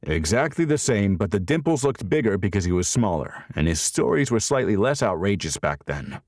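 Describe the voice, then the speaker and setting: A deadpan, wry middle-aged father, read by a male audiobook narrator. Low and gravelly, in a dry close sound. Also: normal speed, no echo. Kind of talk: audiobook character voicing.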